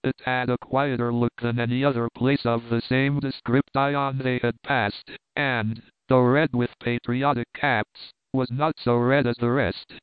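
A man reading a classic novel aloud as narrator, in measured, even storytelling. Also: medium pitch, smooth, no echo. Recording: dry tinny phone-like sound.

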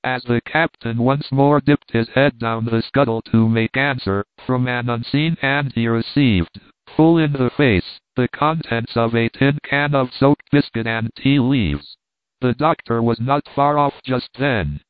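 A man reading an old sea novel aloud as an audiobook narrator, at a steady, measured pace. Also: mid-range voice, clear, resonant tone, dry recording. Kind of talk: scripted narration. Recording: tinny phone-like dry sound.

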